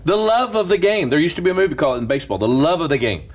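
A man who is a pastor, telling stories in an animated casual chat and laughing through them. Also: on the high side, very fast.

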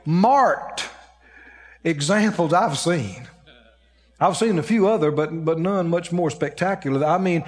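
Man preaching, high voice, very lively pitch, storytelling sermon, long hall reverb. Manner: animated storytelling, swinging from low hushed to high excited.

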